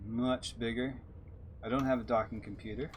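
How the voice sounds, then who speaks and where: A man's voice: mid-range voice, steady tone, normal speed, soft background music. A man from Texas, chatting and musing as he streams a space game live. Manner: musing, chatty, reads out chat. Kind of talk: live gameplay commentary.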